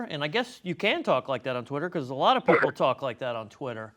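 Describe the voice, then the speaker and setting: A man's voice: a little high, big pitch swings, a little fast, few pauses, fairly bright tone. An older man hosting a talk show, asking long, hesitant questions full of fillers. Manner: rambling, hesitant, many fillers. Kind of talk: interview questions.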